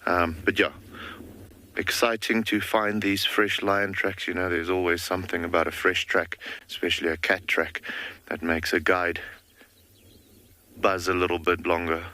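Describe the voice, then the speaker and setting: A man safari guide giving relaxed, loose game-drive commentary with easy fillers. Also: low voice, normal speed.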